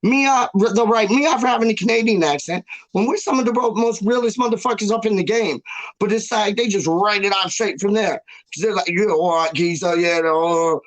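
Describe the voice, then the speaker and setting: A young man rambles through a casual chat as co-host. He is full of fillers and street slang. His voice is high. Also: a little fast, rough recording.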